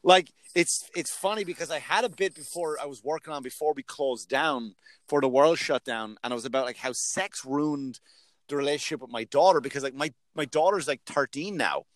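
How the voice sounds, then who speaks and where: Animated profane man in dry podcast chat. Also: a little high, fairly quick, no echo. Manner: animated, profane storytelling with acted-out quotes. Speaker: podcast host and comedian.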